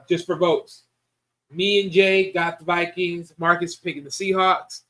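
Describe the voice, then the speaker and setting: A man's voice: a little high, a bit bright. A young man hosting a sports show, giving casual, emphatic football predictions and often repeating his points. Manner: repetitive, emphatic, restarts sentences.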